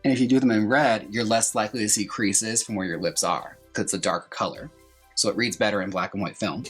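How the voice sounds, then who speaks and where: A man's voice: on the low side, fairly even intonation, fast, husky, soft background music. A young man who is a drag queen, chatting campily and theatrically while doing a makeup tutorial. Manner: chatty, campy, theatrical asides. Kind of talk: casual makeup tutorial chat.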